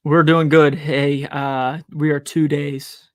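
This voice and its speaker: A man's voice: fairly high pitch, little pitch movement, takes it slowly, dry recording, studio quality. A man co-hosting a sports podcast, chatting casually and rambling with frequent restarts. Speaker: college professor, podcast co-host.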